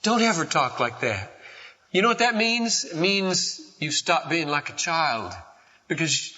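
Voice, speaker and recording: Older male pastor, bright forceful voice, slow deliberate sermon delivery, dull recording in a reverberant church hall. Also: a little high, animated. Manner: impassioned, swings from quiet to shouting.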